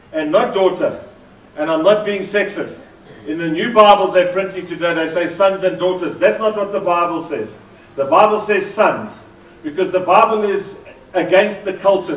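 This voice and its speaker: High-voiced South African preacher. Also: male voice, a little hiss or hum. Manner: lively, joking, draws in the congregation. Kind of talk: sermon. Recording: echoey hall from far off.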